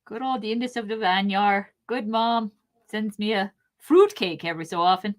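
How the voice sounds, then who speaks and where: A woman's voice: mid-range voice, moderate pace, voice pushed down, lightly acted. A woman voicing a proud, chatty elf prince with a Minnesota accent, in a playful, giggly way. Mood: folksy.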